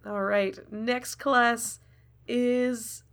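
A woman runs a tabletop role-playing game as its game master. She narrates in a playful, easygoing way. Her voice is fairly high and her pace is unhurried. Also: fairly even intonation, fairly bright tone.

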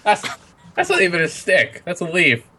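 A man's voice: high-pitched, wildly swooping pitch, normal speed, sharp tone. A man co-hosting a casual podcast, joking around and rambling with lots of filler words. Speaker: podcast co-host. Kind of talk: casual chat.

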